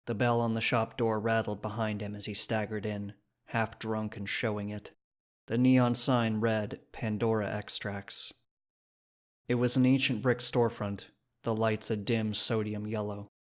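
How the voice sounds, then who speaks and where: A man reading short stories aloud as narrator, in a steady storytelling manner. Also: lowish voice, moderate pace. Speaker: story reader. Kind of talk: scripted narration.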